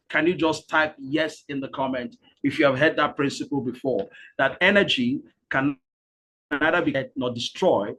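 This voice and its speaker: A man hosting a live webinar, energetic and repetitive, urging the audience to type into the comments. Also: a little high, slightly rough. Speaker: webinar host and speaker.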